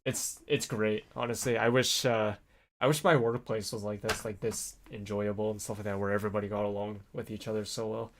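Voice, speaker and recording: A man vlogging in a casual, rambling storytelling way, animated when he quotes people. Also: fairly low pitch, brisk, a little hiss or hum. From North America. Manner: rambling, animated when quoting others, laughs often.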